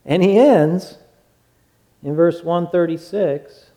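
Man, pastor, sermon, high voice, unhurried delivery, loud exclaiming to hushed words. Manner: swings from loud exclaiming to hushed, slow speech.

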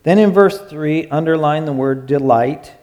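A man preaching a sermon in an emphatic way, stretching out his phrases and sometimes dropping to a hush. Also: fairly high pitch, moderate pace. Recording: long hall reverb.

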